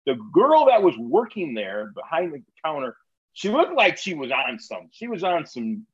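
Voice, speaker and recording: A man with a notably high voice spins a profane, animated story in a casual chat. He swears freely and laughs partway through lines. The sound is slightly muffled. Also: moderate pace, breathy edge.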